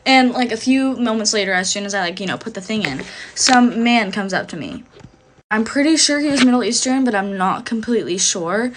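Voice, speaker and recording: A woman's voice: fairly high pitch, lively intonation, fairly quick, noisy background. A young woman telling a story in a casual vlog, chatty and full of "like". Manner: chatty, fills every phrase with "like".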